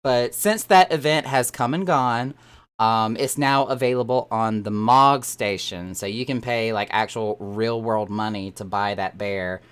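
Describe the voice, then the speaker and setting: Excitable streamer chatting with viewers. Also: medium pitch, a little slow, smooth. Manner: animated, excitable, laughs often; rambling, repeats words when searching for them. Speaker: game streamer. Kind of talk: casual chat with live viewers.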